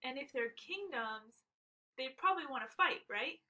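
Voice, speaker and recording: A man voicing a curious, eager young schoolgirl who thinks aloud in a quiet, tentative way. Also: extremely high pitch, expressive, normal speed, distant mic, background noise, pitched above the performer's own voice.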